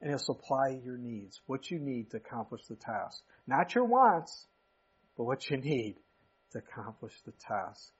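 Husky pastor preaching conversationally. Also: male voice, mid-range voice, moderate pace, lo-fi sound. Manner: conversational preaching, folksy asides. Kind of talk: sermon. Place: church.

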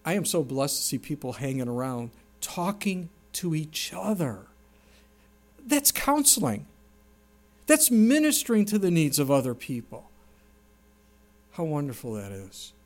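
A middle-aged man preaching a sermon as a pastor, earnest, rising sharply in pitch and loudness when he stresses a point. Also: big pitch swings, unhurried, long pauses.

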